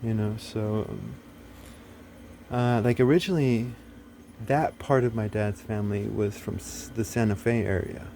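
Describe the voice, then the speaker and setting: A man's voice: on the low side, steady tone, a little slow, gravelly, mellow, a little hiss or hum. A man talking casually to the camera, rambling and blunt, full of fillers, restarts and swearing. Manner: profane, blunt. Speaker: video host.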